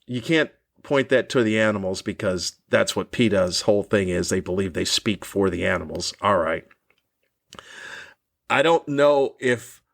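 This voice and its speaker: A man's voice: lowish voice, vocal fry, a bit bright. A man, a comedian hosting his own podcast, delivering a cranky, profane rant with exasperated, mocking questions. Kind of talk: ranting comedy monologue.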